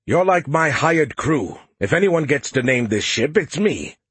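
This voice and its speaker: Meet a smug, show-off machine mind that teases everyone around it, as a man puts him on. The voice sits a touch higher than a plain talking voice, with a husky edge and a close, dry sound. Its delivery is cocky and mocking. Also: sing-song, unhurried, a bit bright, dry recording, heavily acted. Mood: haughty. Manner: snarky, mocking, playful. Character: smug, boastful male alien AI.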